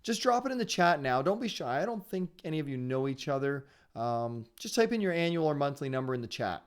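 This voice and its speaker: Male webinar host, rapid and upbeat, slightly higher voice, cheers on his attendees. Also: very animated. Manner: fast-talking; upbeat and encouraging. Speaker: webinar host and sales trainer. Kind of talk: live online training webinar. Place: his home area in Ontario.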